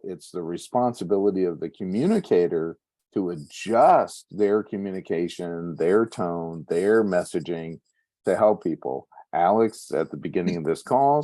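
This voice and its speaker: Male instructor, low and warm, dry close sound, chatty lecture style. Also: no echo. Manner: conversational, frequent "right?" tag questions. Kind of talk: class lecture on communication.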